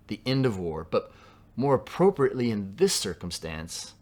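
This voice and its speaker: A man from Southern California preaching a sermon in a conversational way, dropping to a hush for quoted lines. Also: mid-range voice. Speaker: pastor.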